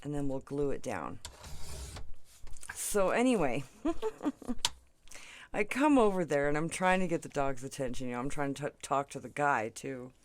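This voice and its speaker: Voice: mid-range voice, sing-song, measured pace, long pauses. A crafting channel host chatting through a tutorial, rambling off on stories, often asking "right?" and laughing between sentences. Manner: rambling, tangents, frequent "right?" and "you know".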